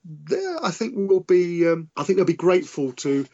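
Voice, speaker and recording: A man's voice: sits high, very animated, moderate pace, dark tone, dull audio. A man, a historian and author, answering interview questions in a hesitant way, with many restarts and qualifiers.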